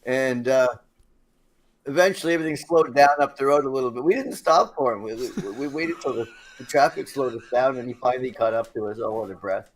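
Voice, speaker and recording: A man's voice: mid-range voice, a little fast. A man in his fifties telling a funny road-trip story in casual chat, swearing and laughing along the way. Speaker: streamer telling stories.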